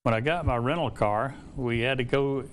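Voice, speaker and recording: A man's voice: medium pitch, normal speed, slight background noise. An older man from Alabama with a Southern accent, hosting a casual interview chat and telling stories in a rambling, hesitant way. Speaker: host.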